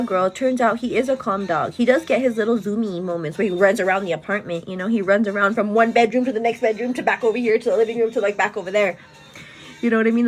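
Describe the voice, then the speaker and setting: Woman vlogger, chatty storytelling, mid pitch, soft music behind. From El Paso, Texas area. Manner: chatty, animated, says "girl" and "like" a lot. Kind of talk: casual storytelling chat.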